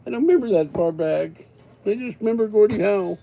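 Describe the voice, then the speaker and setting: A man's voice: high-pitched, brisk, gravelly, dark tone, poor audio. An older man hosting a live stream, rambling to his chat and reading viewer comments, his voice rising in exasperation and then settling. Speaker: livestream host.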